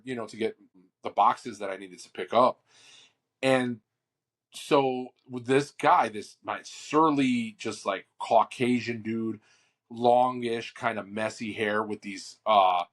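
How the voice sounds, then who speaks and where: A man co-hosting a podcast, telling a long story in a casual, animated way, full of fillers and swearing. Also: mid-range voice. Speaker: podcast co-host.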